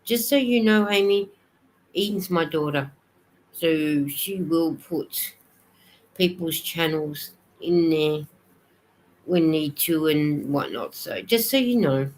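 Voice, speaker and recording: A woman's voice: deep voice, takes it slowly, a little mellow, a little hiss or hum, low-quality recording. An Australian woman chatting casually on a live stream, reading viewers' comments aloud and answering them as she goes.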